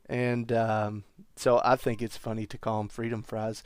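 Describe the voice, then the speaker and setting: A man's voice: on the low side, flat delivery, moderate pace, a little mellow, clean tone, dry recording, studio quality. A man hosting a podcast, rambling through a comic monologue with wry, self-mocking asides. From United States. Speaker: podcast host.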